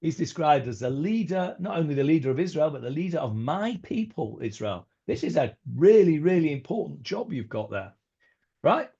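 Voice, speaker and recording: On a dull lo-fi recording, a very animated rabbi teaches Bible class at a moderate pace in a fairly high voice that's creaky, husky and dark in tone. His informal talk is full of fillers and restarts and sprinkled with Hebrew words and verses.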